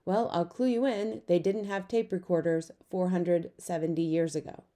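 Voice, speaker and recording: A woman's voice: lowish voice, steady tone, moderate pace, warm tone, close to an everyday voice. A woman doing a practical young boy. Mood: impatient. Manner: matter-of-fact, teasing.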